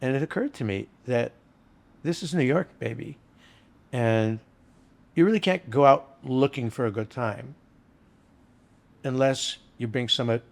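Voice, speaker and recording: An older man with a gravelly, creaky edge to his voice spins rambling anecdotes at a middle pitch. He talks casually and earthily, like a bartender being interviewed about the old days. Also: unhurried, long pauses. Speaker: bartender guest. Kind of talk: storytelling interview chat.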